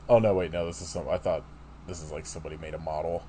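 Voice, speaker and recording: A man's voice: very deep voice, fairly even intonation, fast talker, dark tone, a little hiss or hum. A man co-hosting a podcast, chatting bluntly, laughing and swearing a lot. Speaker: podcast co-host. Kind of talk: casual chat.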